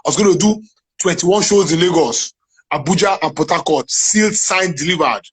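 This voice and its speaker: Nigerian man guest, high husky voice, emphatic, preachy. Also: moderate pace, rough recording. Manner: emphatic, preachy, repeats "are you getting me now". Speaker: guest, playwright and businessman. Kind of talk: animated interview chat.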